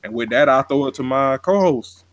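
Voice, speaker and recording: A man's voice: medium pitch, lively intonation, normal speed, no room sound. A man hosting a podcast recap in casual chat, sassy and joking, with dramatic retellings. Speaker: podcast host.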